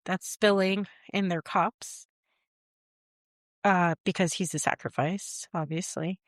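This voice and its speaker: A woman's voice: on the low side, fairly even intonation, slow pace, no echo, clean studio sound. A woman co-hosting a podcast, chatting casually and filling in plot details of a film. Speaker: podcast co-host. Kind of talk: casual movie recap chat.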